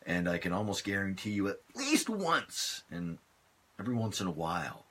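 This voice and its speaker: A man hosting a casual live stream from his phone, chatting in a relaxed, rambling way as he answers viewer comments. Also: deep voice, normal speed.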